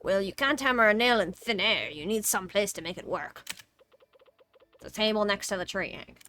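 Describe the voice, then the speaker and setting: A woman's voice: medium pitch, animated, normal speed, bright, forceful tone, slight background noise. A woman voicing a cheerful, encouraging male game character in a vague put-on accent. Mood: bossy.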